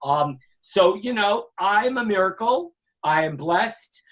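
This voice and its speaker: A man, telling wild stories in a casual interview, animated and swearing freely. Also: sits high, takes it slowly. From Brooklyn, New York. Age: 60s. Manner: animated, acts out quoted voices, swears freely. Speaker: guest, music industry veteran.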